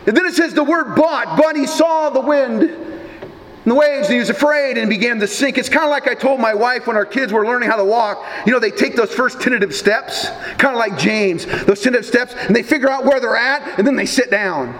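High-voiced man preaching in a hall. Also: brisk, a bit bright. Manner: conversational, folksy preaching with casual asides. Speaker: pastor. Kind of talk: sermon. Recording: long hall reverb, faint background noise.

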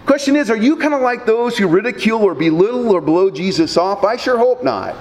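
A male pastor giving a funeral sermon, dramatic, swinging between loud emphatic highs and low quiet drops, firing rhetorical questions at the mourners. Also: expressive, brisk. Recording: long hall reverb, faint background noise.

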